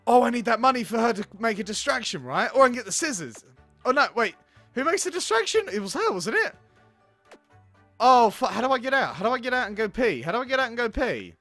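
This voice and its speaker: A man's voice: very high voice, very animated, quick pace, fairly bright tone, no room sound, soft background music. A young man giving let's play commentary, rambling and hesitating as he talks to himself. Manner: rambling, hesitant, self-talking. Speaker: gaming YouTuber.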